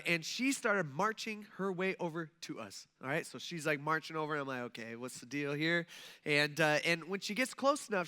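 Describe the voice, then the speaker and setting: A man's voice: on the high side, pushed and bright. A man in his thirties preaching in a church, telling a story casually with lots of fillers and asides. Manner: chatty, full of fillers and asides. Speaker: pastor. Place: church sanctuary.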